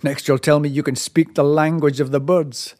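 A man's voice: on the high side, flat delivery, normal speed, a little mellow, natural voice. A man voicing an anxious young mother who speaks tenderly and then scolds sharply. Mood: reproachful.

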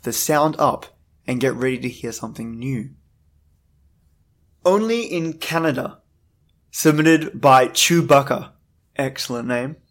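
Male host narrating creepy stories. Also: mid-range voice. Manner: wry asides between readings. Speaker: host of a scary story channel. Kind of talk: scripted narration of listener stories.

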